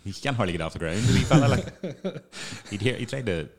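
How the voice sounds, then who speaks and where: A man's voice: fairly low pitch, very animated, brisk, a little mellow. A man, bantering crudely as a podcast co-host, swearing and teasing dryly. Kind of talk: casual banter.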